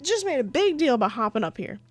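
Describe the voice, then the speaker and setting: A woman's voice: high voice, big pitch swings, fast talker, no room sound, soft background music. A woman playing a visual novel, reading its narration aloud in a chatty, giggly way with casual asides. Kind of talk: reading game narration with live commentary.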